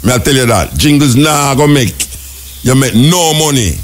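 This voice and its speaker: A man's voice: medium pitch, expressive, moderate pace. A man with a Jamaican accent hosting call-in radio, lecturing a caller in an exasperated, sing-song patois. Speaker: radio host.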